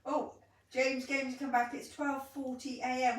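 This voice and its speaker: A woman chatting from behind the camera in a lounge at home, reading out viewer comments in a brisk, teasing way. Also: sits high, flat delivery. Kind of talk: casual live-stream chat. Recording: echoey room, voice from off-mic.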